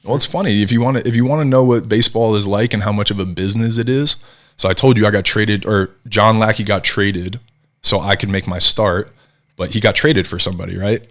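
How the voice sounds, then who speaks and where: Fast-talking low-voiced man telling stories. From New Jersey. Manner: fast, animated storyteller acting out quotes. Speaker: podcast guest, former baseball pitcher. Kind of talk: casual storytelling chat.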